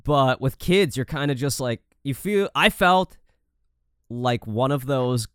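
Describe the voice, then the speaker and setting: A man co-hosting a podcast in casual chat, animated and profane, acting out quotes as he talks about directing. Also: mid-range voice, takes it slowly, clear, resonant tone, dry recording, studio quality. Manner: animated, swears a lot, acts out quotes.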